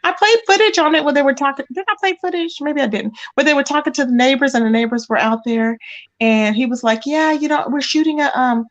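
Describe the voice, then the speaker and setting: Woman, livestream host, gossip chat, animated, fairly high voice. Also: fast, dull audio. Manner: animated, calls listeners "child".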